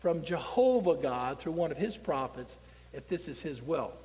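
A man preaching a sermon, voicing a cautious male king who slowly and earnestly asks for a true prophet. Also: a little high, animated, dark tone, in a large hall, pitched below the performer's own voice, natural voice.

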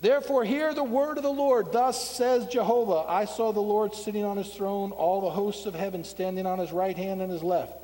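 A man preaching a sermon, voicing a blunt male prophet who mocks the king, then forcefully pronounces doom. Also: high-pitched, steady tone, moderate pace, hardly any pauses, long reverb tail, lightly acted. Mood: bold.

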